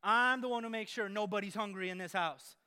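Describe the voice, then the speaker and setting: Man playing a petty territorial churchgoer, bossy, defensive, bright voice. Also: high-pitched, brisk, clear, resonant tone, in a large hall. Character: possessive, petty churchgoer guarding turf.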